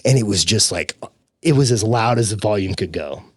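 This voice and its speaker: Low-voiced man telling his story with feeling. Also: expressive, brisk, breathy edge, dry recording. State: tearful. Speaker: podcast guest. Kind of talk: emotional personal storytelling.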